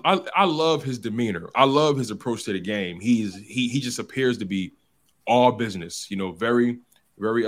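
A man co-hosting a sports talk show, animated and repeating words as he builds his points. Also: medium pitch. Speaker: fill-in sports radio co-host.

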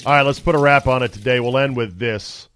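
A man's voice: mid-range voice, fairly quick, a bit bright, a little hiss or hum. Wry, chatty male podcast host. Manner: chatty, wry, mock-amazed asides. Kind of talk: casual sports and news talk.

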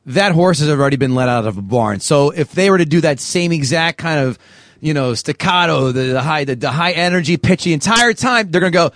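A man's voice: fairly high pitch, animated, a little fast, a bit bright, no echo. Easygoing male podcast co-host, conciliatory, casual swearer, dry close sound. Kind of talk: casual movie-review chat.

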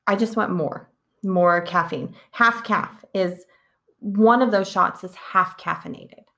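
A woman's voice: medium pitch, creaky, a bit bright. A woman co-hosting a podcast in casual chat, rambling along with lots of "like". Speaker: podcast co-host.

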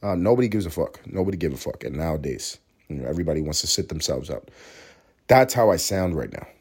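A man with a sore throat hosts a solo podcast in a deep, husky voice. He rambles and curses, sometimes rising into a mock sermon. His tone is rough and scratchy. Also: animated, fast, a little mellow. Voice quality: hoarse. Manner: profane, rambling, mock-preacher delivery. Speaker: podcast host. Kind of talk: casual solo podcast monologue.

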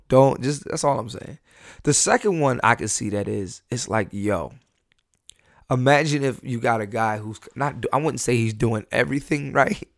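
Male podcast host, gravelly, dry close sound, loose profane rambling with lots of restarts. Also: medium pitch, no echo. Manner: animated, repetitive restarts, profane, laughs at himself. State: high on an edible. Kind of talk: solo casual podcast rant.

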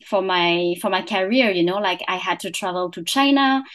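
A woman's voice: mid-range voice, normal speed, fairly bright tone. A young French woman, a podcast founder, chatting in an interview, hesitant with many fillers and restarts. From France. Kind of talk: casual interview chat.

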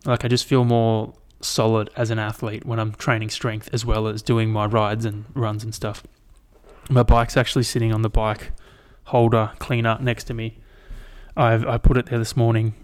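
A man's voice: on the low side, level tone, normal speed, smooth. A young Australian man chatting alone into a mic, rambling and swearing freely as he retells his week. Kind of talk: casual solo chat.

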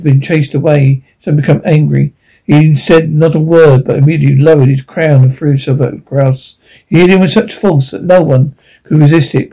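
A man's voice: a little high, mellow, poor audio. A man reading a classic animal story aloud as narration, unpolished with frequent restarts. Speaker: audiobook reader.

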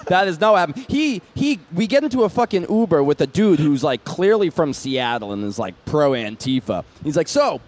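A man's voice: a little high, animated, a little fast, hardly any pauses, a little mellow. A man with a Boston accent co-hosting a podcast, telling combative, profane stories. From Massachusetts. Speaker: podcast co-host. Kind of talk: casual podcast banter.

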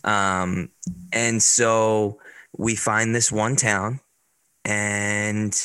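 Brief: male guest, lowish voice, bright and forceful, dry close sound, relaxed storyteller. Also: drawn-out words, clean tone, dry recording. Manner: chatty, swears casually, quotes people in the stories. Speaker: podcast guest, real estate investor. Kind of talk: casual storytelling.

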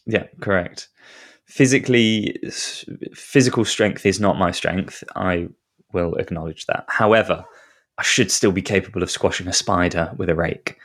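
A man's voice: deep voice, normal speed. A man co-hosting a podcast in casual chat, talking in a hesitant, self-deprecating way. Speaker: podcast co-host.

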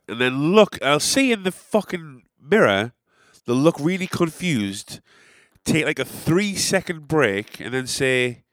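A young man with an English accent telling a long casual anecdote, rambling and animated, with frequent swearing and sarcastic asides. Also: mid-range voice, moderate pace, no room sound, studio quality. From England.

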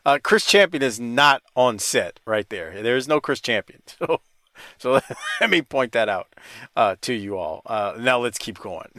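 A man's voice: medium pitch, expressive, unhurried, pushed and bright, no echo. Brief: male podcast host, loose laughing chat, dry close sound.

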